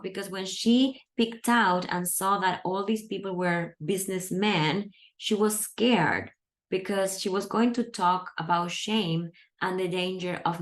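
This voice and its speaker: Profesora de inglés que explica despacio. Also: female voice, mid-range voice. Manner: patient, explains vocabulary and grammar step by step. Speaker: English teacher. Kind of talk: reading a book aloud and explaining it in a lesson.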